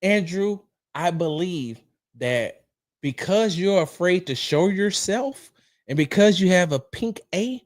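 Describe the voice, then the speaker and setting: Man, livestream host, casual sports chat, very lively pitch, ranting. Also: slow. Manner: animated, ranting at a chat troll. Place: home streaming setup.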